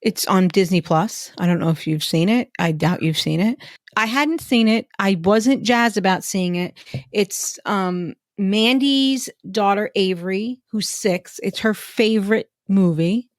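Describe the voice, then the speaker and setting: A woman co-hosting a podcast in casual chat, telling animated stories and laughing often. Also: medium pitch, a little slow, no echo, clean studio sound. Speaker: podcast co-host.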